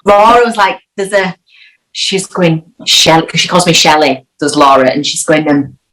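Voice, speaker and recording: A woman, chatting as an interview guest and telling a story with lively acted-out quotes. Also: low voice, normal speed, rough recording. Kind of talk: casual anecdotal chat.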